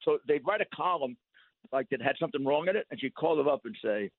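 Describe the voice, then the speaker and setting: An older man, a guest in a casual interview, talking haltingly, repeating words and laughing through his stories. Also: on the high side, animated, vocal fry, no echo. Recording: dry, thin phone-like line.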